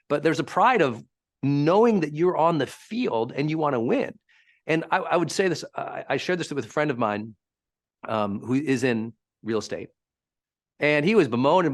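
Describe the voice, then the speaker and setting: A man giving a live teaching talk as a high-performance coach, telling stories in an emphatic, animated way.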